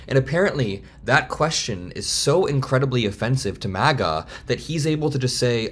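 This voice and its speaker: A man in his twenties giving heated, fast political commentary straight to camera. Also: medium pitch, animated. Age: 20s. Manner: heated, fast, worked-up ranting.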